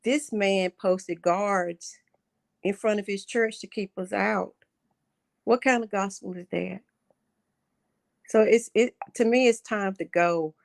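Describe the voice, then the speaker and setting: A middle-aged woman calls in to a livestream talk show. She talks earnestly, stopping and restarting, circling back over her words in a voice of everyday pitch. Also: gravelly. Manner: earnest, halting, repeating herself. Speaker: caller.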